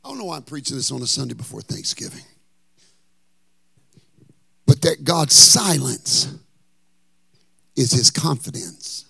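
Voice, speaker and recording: A man's voice: medium pitch, very animated, measured pace, vocal fry, pauses often, bright, forceful tone, husky, no echo. A man preaching a sermon as pastor, impassioned, with a chanted, singsong cadence.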